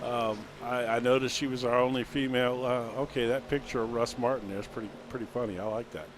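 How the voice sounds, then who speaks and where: A man's voice: mid-range voice, steady tone, fast talker, background noise. A middle-aged man doing color commentary for a sim race, easygoing and rambling with many fillers.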